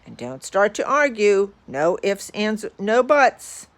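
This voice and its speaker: A woman's voice: medium pitch, very animated, takes it slowly. A woman voicing a bossy, scheming male bug who snaps commands and gloats.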